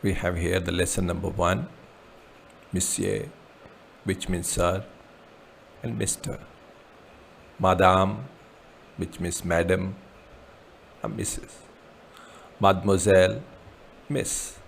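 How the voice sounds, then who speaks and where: A man gives a beginner lesson, talking very slowly in a lowish, gravelly voice. He goes over each word patiently, one at a time, and a faint hiss sits under the recording. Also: level tone. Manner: slow, repeats words with translations. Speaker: French teacher. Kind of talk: slow beginner language lesson.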